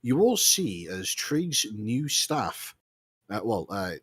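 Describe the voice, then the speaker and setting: A man's voice: lowish voice, sing-song, slow, fairly bright tone, breathy edge, no room sound. A man narrating as game master in a tabletop game over a voice call, rambling and correcting himself. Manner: rambling, self-interrupting.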